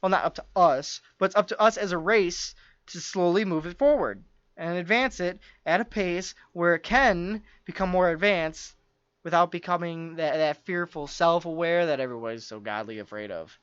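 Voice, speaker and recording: An eager man chats on a podcast, rambling through restarts and fillers in a fairly high, smooth voice. The recording is dull and lo-fi, with a dry, close sound and no room echo. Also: normal speed, a bit bright. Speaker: podcast co-host. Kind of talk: casual chat.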